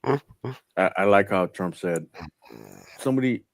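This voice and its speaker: Man, blunt joking banter, gravelly dry low voice. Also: animated, brisk, no room sound. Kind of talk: casual live-stream chat.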